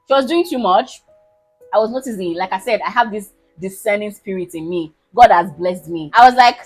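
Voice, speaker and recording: A woman's voice: mid-range voice, moderate pace, fairly bright tone, soft background music. A young woman with a Nigerian accent telling a storytime vlog in a sassy, emphatic way, mixing slang and pidgin. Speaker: vlogger. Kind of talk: casual storytime.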